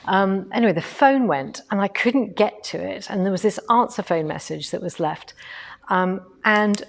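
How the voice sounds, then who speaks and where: A woman's voice: medium pitch, moderate pace, vocal fry. Chatty middle-aged woman hosting a livestream. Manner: chatty, rambling, asides while moving the camera. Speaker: host of a quilting shop livestream. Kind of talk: casual livestream chat. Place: quilting machine showroom, indoors. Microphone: camera on a tripod.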